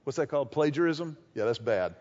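A man preaching a sermon, lively and conversational, acting out short quoted exchanges as he goes. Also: medium pitch, a little fast, lo-fi sound. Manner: animated, acts out little quoted exchanges. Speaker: pastor.

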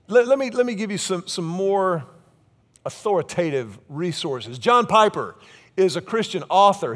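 A man in his fifties preaching a sermon, with lively, humorous storytelling. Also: sits high. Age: 50s. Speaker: pastor.

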